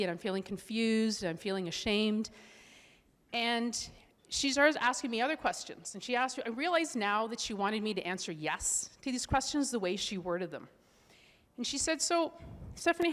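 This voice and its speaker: A woman's voice: a little high, fairly bright tone. A middle-aged woman, a holistic nutrition coach, giving a presentation talk with a candid, earnest personal story and frequent restarts. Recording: long hall reverb.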